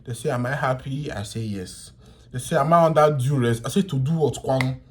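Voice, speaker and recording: Animated young Nigerian man telling stories. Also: medium pitch, fairly quick, slight background noise. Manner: animated, laughing, swings from loud to quiet. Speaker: vlogger. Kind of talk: casual storytelling in pidgin.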